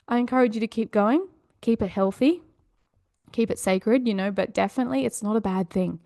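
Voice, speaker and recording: A woman's voice: mid-range voice, darkish tone, no room sound, clean studio sound. A woman hosting a self-help podcast, talking in an upbeat, encouraging, chatty way. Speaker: podcast host. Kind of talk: motivational podcast monologue.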